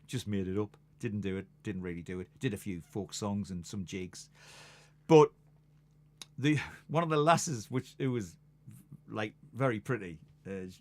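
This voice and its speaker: A man's voice: on the low side, a little mellow. An older man, a musician hosting a live stream, telling rambling stories between songs and laughing at them. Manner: chatty, rambling, laughs at his own stories. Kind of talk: casual storytelling between songs.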